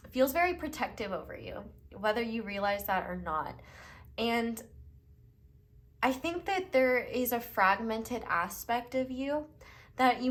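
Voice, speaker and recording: A young woman giving an unscripted tarot reading, talking in a gentle, reflective and reassuring way. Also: fairly high pitch. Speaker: tarot reader.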